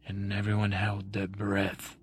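A man's voice: lowish voice, monotone, unhurried, slight background noise. A man improvising a bedtime story as podcast host, meandering with asides and self-corrections.

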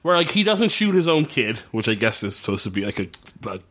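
A man co-hosting a casual podcast chat, sarcastic and quick to laugh, swearing freely. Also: mid-range voice, big pitch swings, fairly bright tone. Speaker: podcast co-host. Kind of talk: casual chat recapping a TV episode.

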